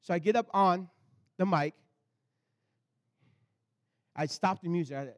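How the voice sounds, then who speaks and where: A man preaching a sermon, telling a story with animated swings between loud bursts and low, intense stretches. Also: moderate pace, pauses often. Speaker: pastor.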